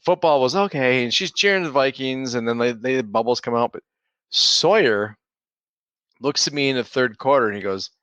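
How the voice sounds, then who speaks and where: A man's voice: mid-range voice, normal speed, smooth, no echo, lo-fi sound. A man co-hosting a podcast, telling stories in a casual chat and acting out his kids' voices. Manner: animated storyteller acting out his kids' lines. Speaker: podcast co-host.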